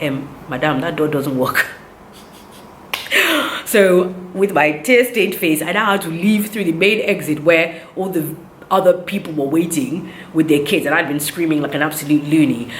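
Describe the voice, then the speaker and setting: Woman in her thirties, deep voice, animated storytelling vlog, echoey room. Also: a little hiss or hum. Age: 30s. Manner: animated, indignant retelling with quoted dialogue. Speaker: vlogger.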